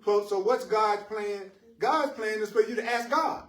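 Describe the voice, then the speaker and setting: Man teaching a spiritual class, high-pitched and roomy. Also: measured pace. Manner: animated and playful, laughing at his own jokes; repeats phrases for emphasis. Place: class room with listeners present. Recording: roomy echo, voice picked up from a distance.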